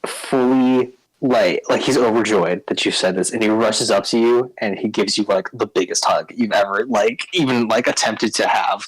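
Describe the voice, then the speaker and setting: A man's voice: fairly low pitch, normal speed, hardly any pauses, slightly rough, rough recording. A man narrating as game master of a tabletop game, in a casual, rambling way, full of fillers.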